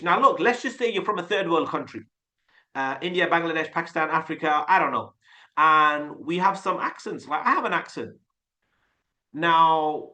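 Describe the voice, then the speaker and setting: A man in his forties from Birmingham with a Birmingham accent, Urdu as his first language, coaching a group on a video call in an energetic, chatty way and often restarting his words. He talks through a desktop webcam mic. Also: on the high side. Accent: Birmingham English. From Birmingham, England. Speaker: sales coach.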